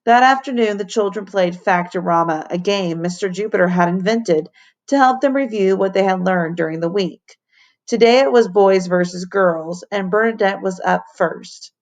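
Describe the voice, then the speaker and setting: A woman fourth-grade teacher reading a children's chapter book aloud to her class in an expressive, clear way. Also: mid-range voice, moderate pace. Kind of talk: storybook read-aloud.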